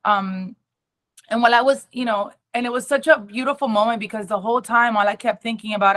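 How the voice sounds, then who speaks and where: A young adult woman giving a personal testimony at an awareness talk, emotional and halting, with many ums and restarts. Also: on the high side, steady tone, fairly bright tone.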